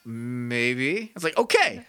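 Guy cohosting a chill podcast, super animated, jumps all over in pitch, dry room. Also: moderate pace, dry recording, faint music behind. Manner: animated, acts out scenes in quoted voices. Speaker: podcast co-host. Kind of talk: casual chat.

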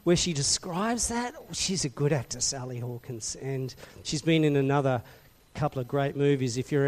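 A man preaching a sermon to a congregation, passionate and questioning, swinging from loud emphasis to soft, quiet lines. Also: mid-range voice. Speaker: pastor.

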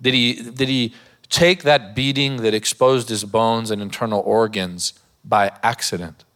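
A man's voice: lowish voice, a little slow, a bit bright. A man, a pastor, preaching a sermon in a church, mixing scripture with a humorous personal story and laughing often.

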